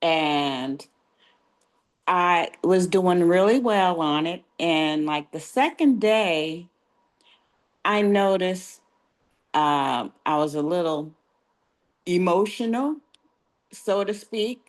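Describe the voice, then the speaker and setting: Low, slow-talking grandmother. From California. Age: older. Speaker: caller sharing a testimonial. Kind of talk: casual storytelling.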